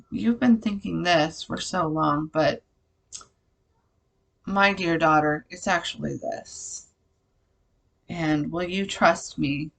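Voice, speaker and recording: A woman with a lowish voice speaks slowly and unhurriedly. She reflects candidly on her faith and her own life, pausing with fillers as she talks it through. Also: a bit bright, poor audio. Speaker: Christian blogger.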